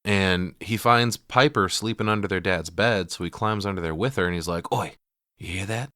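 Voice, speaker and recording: A man's voice: low voice, moderate pace, smooth, dry recording, clean studio sound. An American man co-hosting a podcast, casually recapping a film and acting out lines with lots of swearing. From United States. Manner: animated retelling with put-on quotes, swears often. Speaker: podcast co-host. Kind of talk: casual movie recap chat.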